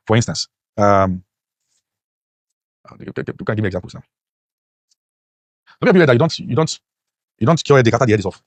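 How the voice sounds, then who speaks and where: Preachy and fond of rhetorical questions, a man gives a motivational lecture to a class, his voice jumping up sharply on key points. The voice is lowish with a breathy edge, and there's no room sound.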